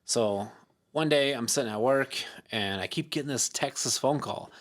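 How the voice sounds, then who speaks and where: A man's voice: medium pitch, moderate pace, a bit bright. A man telling a long story as a podcast guest in casual chat, rambling with many fillers, laughing often and acting out the lines people said to him. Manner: acts out quoted lines in his story.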